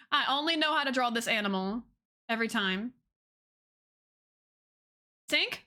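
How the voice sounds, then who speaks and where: Bubbly high-voiced woman streamer. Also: expressive, slow, pauses often, pushed and bright. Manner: bubbly, giggly, chatty. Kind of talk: casual chat with viewers while drawing.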